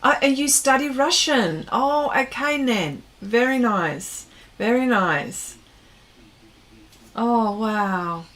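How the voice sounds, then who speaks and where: A woman's voice: a little high, animated, slow, fairly bright tone. A woman hosting an art livestream, chatting casually while she paints and reading viewers' comments aloud, often trailing off mid-sentence.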